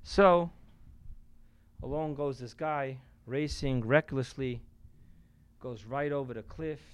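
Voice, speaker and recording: A man, a rabbi, giving a sermon to a live audience in a room, telling stories and shifting from loud emphasis to quiet asides. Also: mid-range voice, clean tone.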